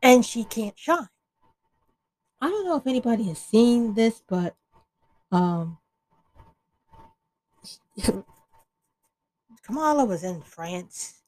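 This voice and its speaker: A woman's voice: on the high side, expressive, slow pace, long pauses, darkish tone, dry recording, poor audio. A woman hosting an opinion podcast, talking bluntly and with exasperation, often restarting her sentences. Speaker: podcast host.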